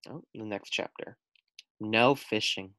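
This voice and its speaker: A man reading a children's storybook aloud, animated and pausing to ask the listener questions. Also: fairly low pitch, dry recording. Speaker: storybook reader.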